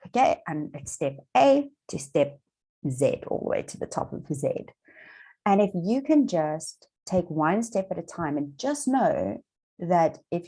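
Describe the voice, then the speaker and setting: An Australian woman gives a chatty, encouraging motivational talk to camera, coaching viewers on manifesting, repeating her points and using plenty of fillers. Her voice is fairly low, mellow and slightly rough, on a rough recording.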